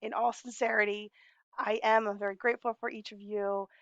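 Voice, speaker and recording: A woman's voice: mid-range voice, level tone, moderate pace, dry recording, lo-fi sound. A woman in her forties talking in a long, rambling, heartfelt personal message to friends, laughing often. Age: 40s.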